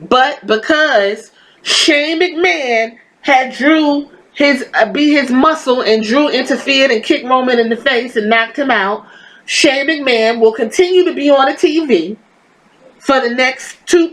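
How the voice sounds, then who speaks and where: A woman's voice: high voice, unhurried, a bit bright, poor audio. Blunt, profane woman ranting as host. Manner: blunt, profane, exasperated and sarcastic. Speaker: podcast host. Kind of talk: casual wrestling review rant.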